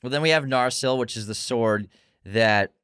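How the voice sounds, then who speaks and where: A man's voice: mid-range voice, moderate pace, a bit bright, smooth, no room sound, studio quality. A man co-hosting a casual movie podcast, playfully quizzing his co-host and teasing him.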